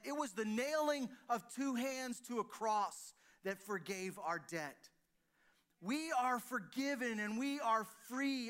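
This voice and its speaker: A man's voice: very high voice, fairly bright tone. A man preaching a sermon to his congregation, addressing listeners at home as well, often with rhetorical questions. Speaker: pastor. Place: church service, streamed to listeners at home.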